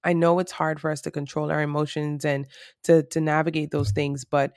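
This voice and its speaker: A woman's voice: low-pitched, level tone, brisk, a little mellow, no echo, studio quality. A woman talking to camera in a casual, reflective monologue, earnest and rambling with lots of fillers.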